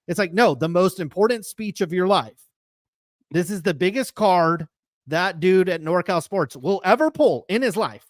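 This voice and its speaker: This man's fairly high voice moves at a fairly quick clip, captured dry with clean studio sound. He hosts a live sports card talk show, rambling emphatically through casual opinions and piling one comparison onto another.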